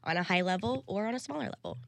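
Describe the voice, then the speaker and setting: A woman's voice: medium pitch, animated, rapid-fire, creaky, no room sound. A young woman answering interview questions in an earnest, professional way. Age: young adult. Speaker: guest.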